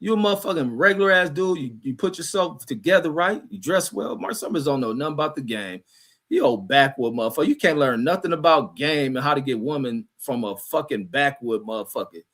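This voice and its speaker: A man's voice: fairly high pitch, lively intonation, a little fast, fairly bright tone. A man hosting a livestream, ranting heatedly and profanely while reading chat comments aloud, rambling with restarts and fillers. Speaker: livestream host.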